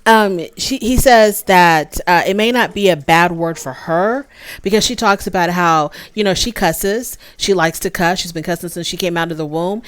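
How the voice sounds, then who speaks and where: Woman, show reviewer, opinionated, chatty, lowish voice, dry sound. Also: moderate pace, no echo. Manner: opinionated, chatty, many fillers. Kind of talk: casual recap commentary.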